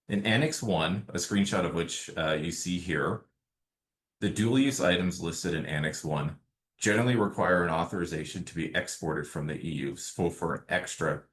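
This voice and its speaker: A man presenting a webinar on export law in a measured, explanatory way, working through slides one by one. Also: low voice, a bit bright. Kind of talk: prepared legal presentation. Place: remote setting, webinar.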